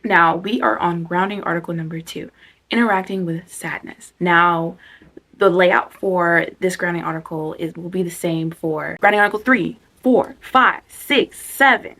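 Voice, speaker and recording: Guiding viewers through a reflection, the host of a self-help video talks casually and chattily, breaking off her own sentences and sometimes sinking into a gentle near-whisper. She speaks at a normal speed in a gravelly voice on the low side.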